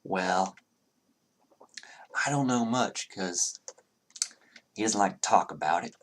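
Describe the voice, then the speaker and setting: A man's voice: low voice, slow pace, slight background noise. A man doing an unnervingly polite barkeep. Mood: gossiping. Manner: polite, gossipy, hesitant. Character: unnervingly polite male tavern keeper.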